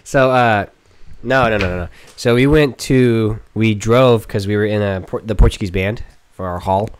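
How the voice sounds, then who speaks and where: A man's voice: lowish voice, steady tone, moderate pace, a little hiss or hum. A young man co-hosting a podcast in casual chat, cracking crude jokes and roasting people. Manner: joking, roasting, crude banter. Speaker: podcast co-host.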